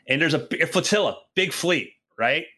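A man's voice: fairly high pitch, expressive, normal speed, pushed and bright. A man co-hosting a podcast, telling a playful story in casual banter. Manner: playful storyteller, puts on silly voices. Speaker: co-host.

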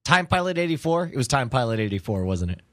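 A man's voice: mid-range voice, sing-song, fast talker, fairly bright tone, no room sound, clean studio sound. A man co-hosting a podcast, joking around in goofy, casual banter. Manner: joking, goofy, laughs often. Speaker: podcast co-host. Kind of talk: casual comedic chat.

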